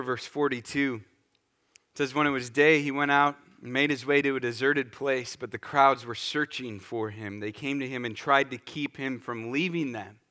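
Lively, bright-voiced man preaching. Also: fairly high pitch. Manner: lively, conversational, acts out scenes. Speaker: pastor. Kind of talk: sermon.

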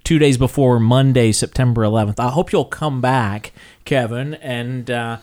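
A man's voice: mid-range voice, normal speed, darkish tone, no echo. A man hosting a weekend radio talk show, speaking upbeat into a studio microphone as he wraps up the hour. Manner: upbeat, wrapping up with sign-offs. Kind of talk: radio interview.

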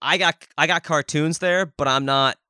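A man's voice: fairly high pitch, steady tone, moderate pace, pushed and bright, smooth, no echo, clean studio sound. A man co-hosting a podcast, rambling and joking crudely in casual chat. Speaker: podcast co-host.

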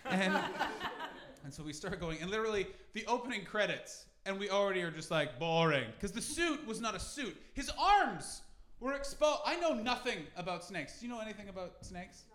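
A Canadian stand-up comedian with a high voice performs a set at a pop-up venue in London, launching into animated, sweary rants with shouting bursts at normal speed. The live recording is echoey, from a roomy club, with audience noise audible.

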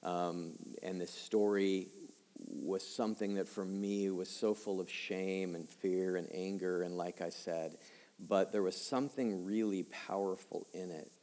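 A male pastor in his fifties preaching a personal-story sermon conversationally, dropping quiet and slow for heavy moments and rising for emphasis. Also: low-pitched, steady tone. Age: 50s. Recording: long hall reverb.

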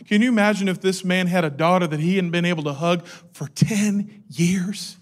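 A man's voice: high voice, normal speed. A middle-aged man preaching a sermon, telling the story with energy and acting out the quotes. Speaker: pastor.

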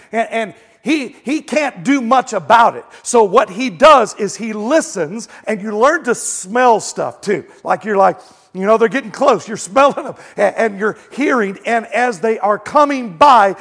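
A man preaching a conversational sermon as pastor, telling a story and rising to shouted quotes. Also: high-pitched. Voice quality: blind in one eye.

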